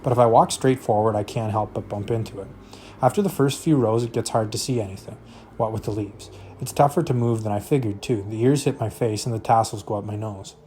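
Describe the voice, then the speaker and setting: A man's voice: on the low side, fairly quick, dark tone, slight background noise. A man reading a novel aloud, narrating expressively in the first person. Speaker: reader.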